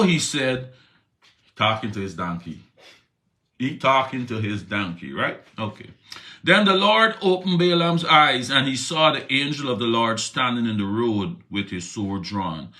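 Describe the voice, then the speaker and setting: A man's voice: on the low side, expressive, moderate pace, pushed and bright, reverberant. A man giving a morning devotional talk, retelling a Bible story in a conversational, slangy way and checking in with "right?". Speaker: preacher.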